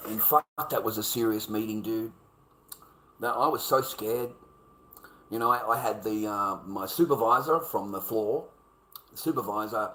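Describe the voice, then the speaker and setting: A middle-aged Australian man rants to his viewers in a rambling, profane way, full of casual slang. His voice sits at an ordinary pitch for a man. The sound has a noticeable echo, as if he is recording in a bare room. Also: a bit bright. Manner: profane, rambling, swears heavily. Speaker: video creator. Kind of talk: casual rant to camera.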